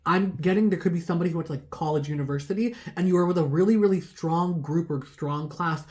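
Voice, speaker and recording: A woman's voice: on the low side, a little mellow. A woman giving a casual tarot reading to her viewers, rambling with lots of "like" fillers and laughing at herself. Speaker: tarot reader.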